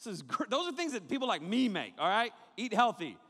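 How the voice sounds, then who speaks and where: A man preaching to a young crowd as a youth pastor, joking and animated, talking straight to his listeners. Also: high voice, a little fast, in a large hall, a little hiss or hum. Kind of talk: sermon.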